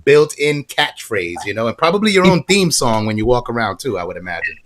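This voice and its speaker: A man's voice: mid-range voice, a little fast, background noise. Hype-talking male podcast host. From Florida. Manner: animated, hypes the guest, repeats words. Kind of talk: casual podcast chat.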